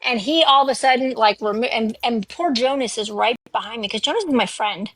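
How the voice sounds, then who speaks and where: A woman's voice: a little high, a little fast, a bit bright, no echo, low-quality recording. A woman on a livestream, ranting in a heated, profane way. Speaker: livestream guest. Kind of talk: casual chat.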